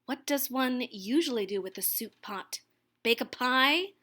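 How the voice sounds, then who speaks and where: A woman's voice: high-pitched, lively intonation, unhurried, sharp tone, heavily acted. A woman reading aloud and voicing a grumpy, nasty-tempered male varmint who snarls curt replies.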